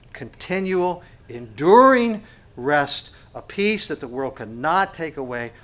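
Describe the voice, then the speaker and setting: A pastor preaching a sermon, mixing conversational asides and repeated words with emphatic, rising stresses on key phrases. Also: male voice, mid-range voice, a bit bright.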